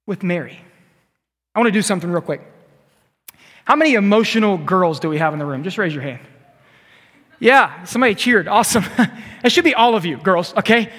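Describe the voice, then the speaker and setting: A man's voice: sits high, a bit bright. A man preaching a sermon as a youth pastor, retelling scripture in a conversational way with asides to his listeners. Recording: long reverb of a large hall.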